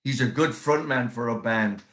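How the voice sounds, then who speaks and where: A middle-aged man from England with a softened English accent, chatting casually as a guest on a podcast and often repeating words for emphasis. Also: mid-range voice, moderate pace. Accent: English, softened by years in the United States. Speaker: guest musician and promoter. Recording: roomy echo.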